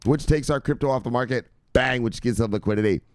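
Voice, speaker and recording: A man hosting a daily crypto news show, talking in an excitable, profane way, often saying "look, look" and laughing. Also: medium pitch, fast talker, no echo, studio quality. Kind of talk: casual profane commentary.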